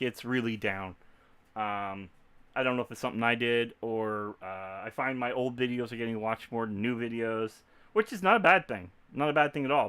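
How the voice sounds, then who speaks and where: A man's voice: medium pitch, fairly bright tone, smooth. A man from Texas with a Texan accent, chatting casually to viewers on a livestream, rambling and laughing easily. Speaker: YouTube creator.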